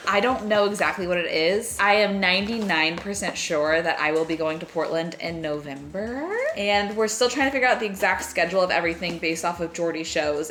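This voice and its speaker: A young woman vlogging casually to camera, chatty and excitable, gasping and squealing over what she unwraps. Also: on the low side, a little hiss or hum. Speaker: lifestyle vlogger. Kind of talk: casual vlog chat to camera.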